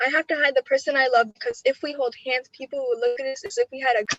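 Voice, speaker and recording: A woman's voice: sits high, steady tone, quick pace, muffled recording, background noise. A teenage student poet reciting her own spoken word poems over a video call, with earnest, emotional delivery. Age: teens. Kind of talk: spoken word poetry reading.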